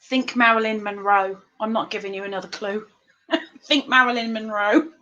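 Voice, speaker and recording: A woman hosting a live-streamed trivia game, chatty and playful, reading the questions out slowly. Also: mid-range voice, pushed and bright, muffled recording. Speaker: livestream quiz host.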